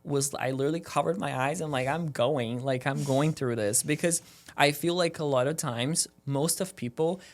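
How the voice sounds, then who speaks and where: A man's voice: on the high side, moderate pace. A man talking as a guest on a podcast, earnest and motivational, rambling with lots of "like"s. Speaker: guest, esthetician. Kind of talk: casual podcast chat.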